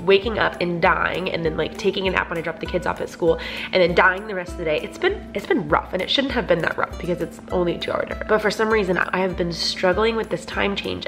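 A woman in her twenties chatting casually in a home vlog, hushed at times and upbeat at others. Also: on the low side. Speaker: family vlogger. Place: home kitchen, indoors.

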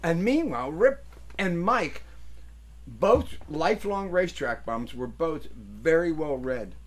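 An older man hosting a casual show, telling rambling stories and breaking into loud voices for the people in them. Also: fairly high pitch, slow pace. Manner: rambling, animated storyteller, swings into loud character voices. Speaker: host. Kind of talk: casual storytelling chat.

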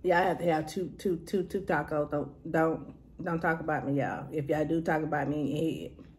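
A woman's voice: sits low, moderate pace, a little mellow, a little hiss or hum. A woman chatting casually to her viewers as she tastes and reviews food, humming and muttering between bites. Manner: mutters and hums while eating. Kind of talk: casual eating and review vlog.

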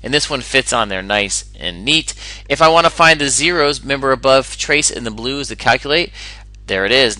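A male math teacher delivers an upbeat recorded algebra lesson, explaining step by step and asking the listener questions. His mid-range voice sounds pushed and bright. The recording is rough but has no echo.

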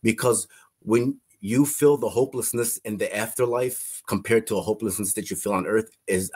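A man with a husky, breathy voice tells an emotional personal story. He stumbles, repeats words and restarts his sentences as he searches for the right way to say things. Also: medium pitch, darkish tone. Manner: halting, repeats himself, restarts phrases. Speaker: testimony guest.

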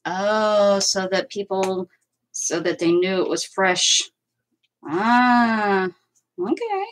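A woman's voice: mid-range voice, lively intonation, drawn-out words, low-quality recording. A woman hosting a crafting livestream from home, chatting casually and rambling as she works and answers viewer comments. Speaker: crafting channel host. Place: at home with her cats.

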